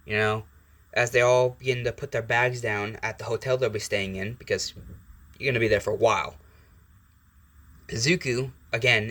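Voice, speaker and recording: A man's voice: mid-range voice, fairly bright tone. A young man hosting his channel, telling a fan story in a chatty, rambling way with fillers and self-corrections. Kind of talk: casual fan-fiction storytelling.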